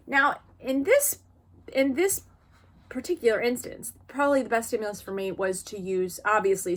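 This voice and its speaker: A woman vlogger talking frankly and expressively to camera about her own experience, in a casual personal style. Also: mid-range voice. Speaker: vlogger sharing lived experience.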